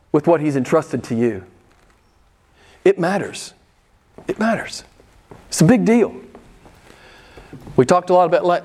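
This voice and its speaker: A male pastor preaching a sermon, emphatic and repeating his key phrases for weight. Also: fairly high pitch.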